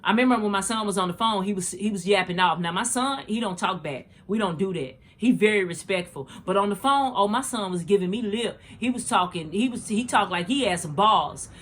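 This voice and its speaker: A woman's voice: mid-range voice, fairly quick, few pauses, husky. A middle-aged woman hosting a podcast, telling a personal faith story in a casual, slangy way and talking straight to her listeners. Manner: animated, slangy, addresses listeners as y'all. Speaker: podcast host.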